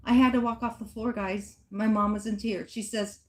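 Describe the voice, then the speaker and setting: A woman's voice: medium pitch, fairly even intonation, moderate pace. A middle-aged woman, a fitness vlogger, telling a personal story in casual chat and speaking straight to her viewers with emphasis. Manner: emphatic, addresses viewers directly.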